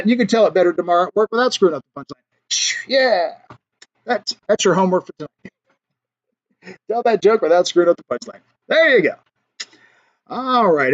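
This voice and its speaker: A man hosting a casual livestream, telling jokes and chatting with his viewers. His voice sits high and swings widely in pitch. The audio is dull and lo-fi. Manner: animated, playful, chuckles at his own jokes. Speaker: livestream host.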